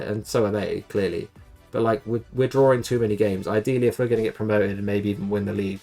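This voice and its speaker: Young man, low voice, quick chatty game commentary, rambling, self-deprecating. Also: darkish tone. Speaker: gaming YouTuber.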